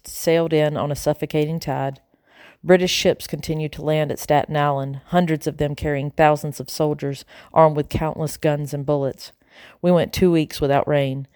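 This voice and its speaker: A woman narrating an audiobook in a slow, measured, grave first-person voice. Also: deep voice, darkish tone, clear, resonant tone, dry recording, clean studio sound.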